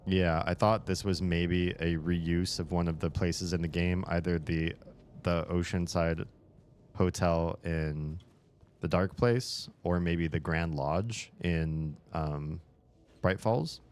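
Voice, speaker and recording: A man's voice: sits low, steady tone, slow pace, darkish tone, clear, resonant tone. A man playing a video game and commenting casually, with wry, chatty reactions. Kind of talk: casual let's-play commentary.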